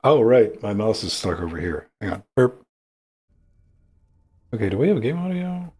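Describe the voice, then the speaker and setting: A man's voice: on the low side, very animated, fairly quick, darkish tone, husky. A man co-hosting a live gaming podcast, chatting in an offhand, distracted way while setting up a game. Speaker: podcast co-host. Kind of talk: casual live gaming chat.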